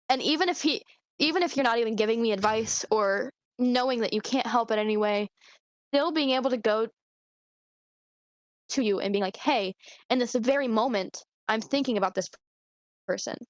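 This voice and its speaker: A woman's voice: a little high, no echo. A young woman co-hosting a podcast, talking openly and at length in a rambling, candid way, with frequent swearing. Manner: open, rambling, emotional confiding with frequent swearing. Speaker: podcast co-host. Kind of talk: casual chat.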